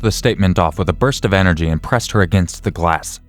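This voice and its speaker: A man reading a scripted horror story in the first person, in a measured, even way. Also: deep voice, faint music behind. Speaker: narrator.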